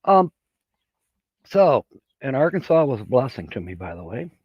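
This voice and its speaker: A man's voice: mid-range voice, very animated, normal speed, slightly rough, no echo, dull audio. A man hosting a casual livestream chat, rambling in a folksy way and laughing at his own jokes. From Michigan. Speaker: livestream host.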